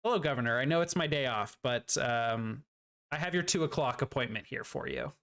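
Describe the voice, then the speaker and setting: A man's voice: mid-range voice, very animated, a little fast, fairly bright tone. A man voicing a meek, polite office assistant.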